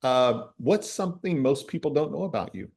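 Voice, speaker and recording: Gravelly man. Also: medium pitch, lively intonation, moderate pace, a little mellow. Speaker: host, interviewer. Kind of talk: casual interview. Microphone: video call.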